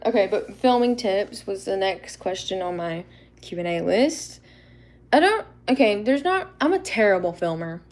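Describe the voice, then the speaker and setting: A woman hosting a casual live Q&A, rambling and chatty and quick to laugh. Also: on the high side. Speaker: livestream host.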